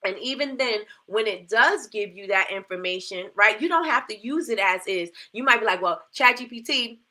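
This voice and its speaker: Bright-voiced chatty woman host. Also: mid-range voice, lively intonation, normal speed. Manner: chatty, coaching, repeats phrases and asks rhetorical questions. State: dry mouth from a new retainer. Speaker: livestream host. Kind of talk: casual livestream talk.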